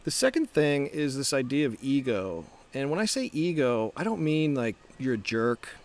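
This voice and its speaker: A man's voice: mid-range voice, very animated, normal speed. A middle-aged man giving a casual motivational talk to camera, reflective, with restarts and rhetorical questions. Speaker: startup founder and coach.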